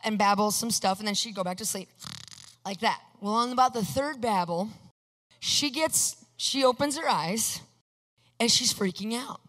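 A preacher telling a personal story in a sermon, animated, acting out what people said and asking for amens. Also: mid-range voice, moderate pace, big-room sound. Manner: animated, acts out quotes, asks the congregation for amens.

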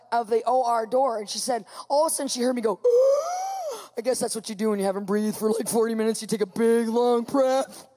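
Woman preacher, fairly high voice, storytelling testimony, acts out quotes. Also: big-room sound. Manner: animated storytelling, acting out quotes. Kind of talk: testimony sermon to a live audience.

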